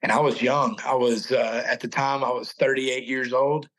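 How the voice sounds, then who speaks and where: A man in his forties, a podcast guest, telling his personal faith testimony in an earnest, halting way, full of restarts. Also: mid-range voice, fairly even intonation, fairly bright tone, poor audio.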